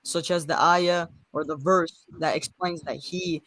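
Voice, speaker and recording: Fast, defensive young man, dry sound. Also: fairly high pitch, fairly even intonation, sharp tone, dry recording. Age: young adult. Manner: fast-talking, defensive, talks over the other. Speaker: debate guest. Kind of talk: live online debate.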